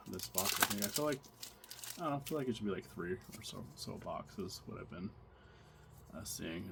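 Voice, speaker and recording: A man's voice: on the low side, gravelly. A man casually narrating as he opens card packs, thinking aloud with many fillers and restarts. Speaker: card collector opening packs. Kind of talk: casual unboxing commentary. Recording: audible background noise, card crinkling.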